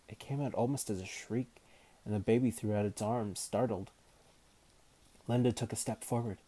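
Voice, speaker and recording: A man reading a novel aloud as narrator in a measured, unhurried manner. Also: fairly low pitch, steady tone, dark tone. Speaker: audiobook narrator.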